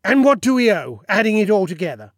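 A man's voice: high-pitched, sing-song, fast talker, no room sound, clean studio sound, pitched above the performer's own voice. Man doing a pompous, boastful little Sultan. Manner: grandiose, bossy and cheerfully self-satisfied. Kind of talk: audiobook character voice.

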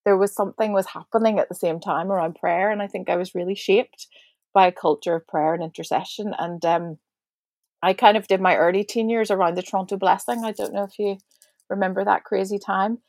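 She's a guest on a faith podcast, a prayer ministry leader from Northern Ireland in her forties. Her medium-pitched voice is steady, brisk and a touch dark, captured without echo, and her reflective, chatty talk is peppered with fillers and restarts.

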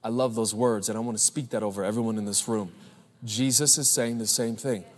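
A man in his thirties preaching a sermon as pastor, animated, telling stories and calling out to the congregation. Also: lowish voice, a little fast. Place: large church. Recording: live church hall with long reverb.

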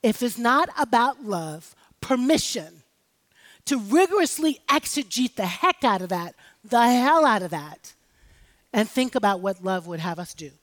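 A woman's voice: a little high, animated, a little slow. A woman preaching an impassioned sermon, rallying the congregation with call-and-response. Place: church sanctuary. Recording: live hall with long reverb.

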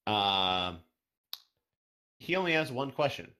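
A man hosting a casual podcast and reading out listener questions. His pitch swings widely and his delivery is lively and animated. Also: normal speed.

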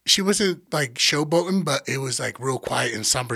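A man in his twenties telling stories in casual, profane, animated chat as a podcast co-host. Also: mid-range voice, moderate pace, gravelly, breathy edge. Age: 20s.

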